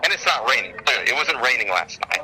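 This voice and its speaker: Male co-host, punchy bright tone, animated storyteller, phoned in. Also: mid-range voice, fast talker, rough recording. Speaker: podcast co-host. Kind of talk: casual storytelling chat. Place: airport.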